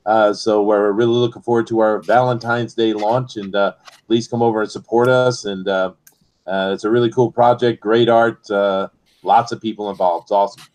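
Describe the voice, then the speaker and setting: A man on a casual livestream panel, friendly and hesitant, with many filler pauses. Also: fairly low pitch, fairly even intonation, a little mellow. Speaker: panel guest, writer.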